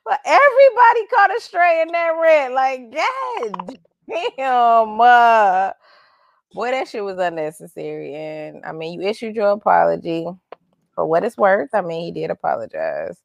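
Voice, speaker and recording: Blunt, gravelly-voiced woman chatting. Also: medium pitch, big pitch swings, unhurried, dry recording, muffled recording. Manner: blunt, profane, laughing often. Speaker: co-host. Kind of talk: casual pop-culture chat.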